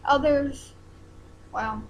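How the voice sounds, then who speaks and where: High-pitched, halting young woman vlogging. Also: fairly even intonation, highs cut off, a little hiss or hum. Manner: hesitant, halting, many ums and restarts. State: close to tears. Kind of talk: emotional personal vlog.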